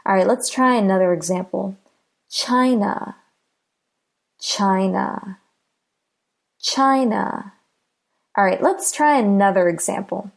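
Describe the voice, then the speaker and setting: An American woman teaching English pronunciation, patiently repeating each word slowly and clearly. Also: mid-range voice, darkish tone. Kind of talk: slow, clear pronunciation lesson.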